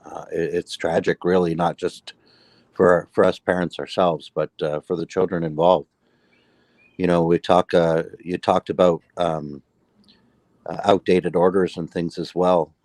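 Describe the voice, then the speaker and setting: A man speaking in a measured, halting way as a guest in casual chat. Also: low-pitched, a little mellow, no room sound.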